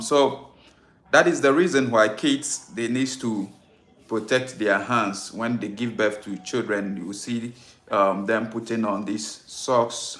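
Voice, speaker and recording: Slow-talking man hosting a spiritual livestream. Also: fairly low pitch, a bit bright. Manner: slow and unhurried, greets viewers by name, repeats phrases. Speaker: spiritual live-stream host. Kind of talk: casual live-stream talk.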